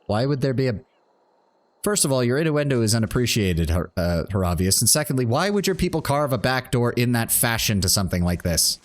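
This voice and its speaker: A man's voice: medium pitch, lively intonation, fairly quick. A man streaming a game, casually thinking aloud and reading out game text and stats. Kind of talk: casual gameplay commentary.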